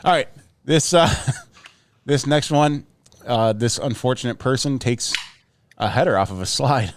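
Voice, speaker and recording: A man's voice: mid-range voice, unhurried. A man co-hosting a podcast in casual chat, laughing often as he introduces clips. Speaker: podcast co-host.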